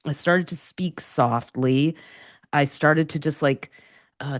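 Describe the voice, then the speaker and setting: A woman's voice: low voice, steady tone, slow pace, dry recording, studio quality. A middle-aged woman hosting a podcast, talking in an earnest, reflective casual chat. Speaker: podcast host.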